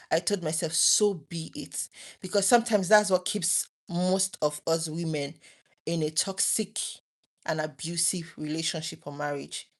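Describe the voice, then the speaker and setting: A woman in her thirties with a fairly low voice speaks to her viewers in a late-night personal talk. She is earnest and openly emotional, and she often breaks off and restarts her sentences. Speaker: vlogger.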